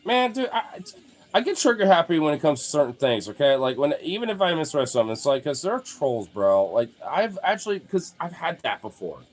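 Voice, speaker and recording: A man's voice: fairly high pitch, big pitch swings, fairly quick, soft background music. A young man chatting casually on a live stream, rambling with lots of fillers, frequent swearing and laughter.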